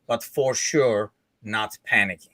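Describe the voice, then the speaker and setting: A man's voice: fairly low pitch, fairly bright tone, no echo, voice pushed down. A man reading a coach's quote aloud in a put-on Turkish accent, stumbling as he reads. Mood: deadpan. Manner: halting, stumbling read-aloud.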